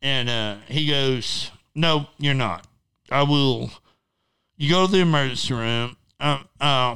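A man's voice: mid-range voice, slow, sharp tone, clear, resonant tone. A middle-aged man, an interview guest, telling a personal story casually in a blunt, profane, rambling way.

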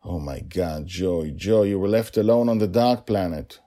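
A man's voice: sits low, normal speed, close to an everyday voice. A man voicing a devoted father who calls out to his frightened daughter and then comforts her. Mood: soothing. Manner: urgent shouting, then soothing. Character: a determined, loving father rushing to his daughter.

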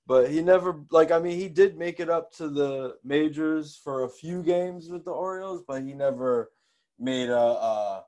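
A man's voice: on the high side, normal speed, darkish tone. A man co-hosting a podcast in casual chat, hesitant and full of fillers and self-corrections. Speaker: podcast co-host.

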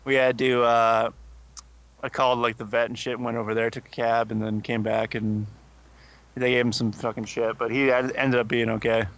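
A man's voice: medium pitch, flat delivery, moderate pace, vocal fry, a bit bright. A young man co-hosting a podcast, telling a rambling story full of swearing. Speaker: podcast co-host. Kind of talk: casual chat.

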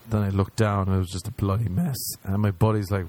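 A man's voice: low voice, fairly even intonation, darkish tone. A man telling a crude, self-mocking stand-up story, acting out both sides of each exchange. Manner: crude, self-mocking, acts out scenes in quick voices. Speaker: stand-up comedian.

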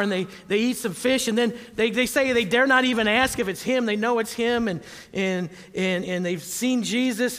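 A pastor from southwest Wisconsin, a man with a high, bright voice, delivers an animated sermon, calling for amens and breaking into shouts at the peaks. A long hall reverb rings around his voice.

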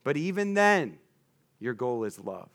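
A man's voice: medium pitch, sing-song, a little slow, a bit bright. Young male preacher, mid-range voice, chatty sermon delivery with light humor. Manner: conversational, jokey asides to the congregation.

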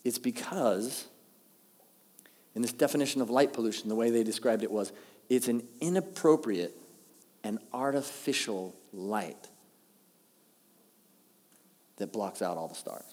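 A man preaching a sermon, telling the story with animated delivery and acting out the quoted lines. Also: medium pitch, a little slow, long pauses. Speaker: pastor. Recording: long hall reverb.

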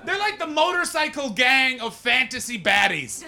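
An American man doing stand-up with crowd work, brash and profane, switching between muttered asides and loud rants in a comedy club. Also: extremely high pitch, very animated, normal speed.

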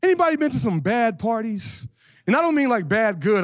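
Male pastor in his 40s, very high voice, dry close sound, casual slangy sermon. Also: fairly quick, no echo. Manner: animated, slangy, asks the congregation questions. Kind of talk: lively conversational sermon.

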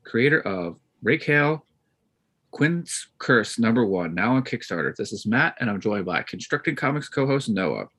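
A man's voice: medium pitch, very animated, moderate pace, bright, forceful tone, husky. A man hosting a podcast, opening the show and prompting his guest with questions. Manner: friendly, prompting questions with fillers. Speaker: podcast host. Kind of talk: podcast interview.

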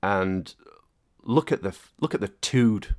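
Laughing, animated male podcast host. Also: on the low side, a little slow. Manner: animated, laughs often, jokey asides. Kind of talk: casual chat.

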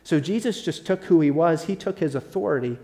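A man's voice: on the high side, expressive, a little fast, dark tone. A man as pastor, preaching a sermon and speaking directly to his congregation with rising emphasis.

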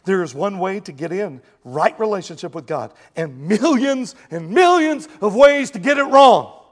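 A pastor preaching a sermon, animated and jokey, who slips into mimicking other voices. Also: male voice, high-pitched, normal speed, big-room sound.

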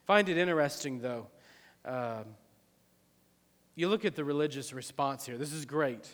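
A male pastor preaching a sermon, repeating his phrases and swinging between hushed and loud passages. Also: medium pitch, normal speed, big-room sound.

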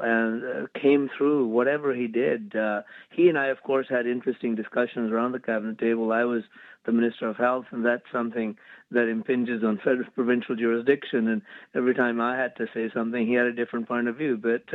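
Flat-voiced man on a phone line. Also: medium pitch, no room sound. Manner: measured, deliberate with pauses. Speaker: former cabinet minister guest. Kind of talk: phone-in interview. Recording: tinny dry phone line.

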